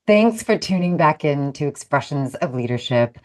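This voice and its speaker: A woman hosting an interview show, reading scripted segment links and asking questions in a measured, deliberate way. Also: low voice, expressive. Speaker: podcast host.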